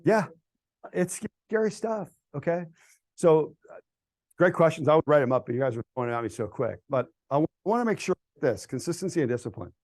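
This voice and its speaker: Animated American man telling stories. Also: fairly high pitch, brisk, no echo. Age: middle-aged. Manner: animated, builds to loud excited outbursts. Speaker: speaker at a church forum. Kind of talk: casual storytelling talk to a group. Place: church hall event.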